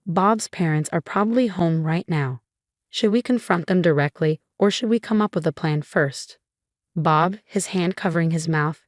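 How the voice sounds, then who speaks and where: A woman reads a first-person family drama in an even, measured storytelling voice. Her voice sits a little low, and the recording is dry and close. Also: no echo. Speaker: narrator. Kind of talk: scripted story narration.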